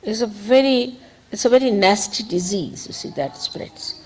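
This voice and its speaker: A woman giving an informal spiritual talk, conversational and digressive, gently admonishing her listeners. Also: mid-range voice, normal speed, poor audio. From India. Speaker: spiritual teacher.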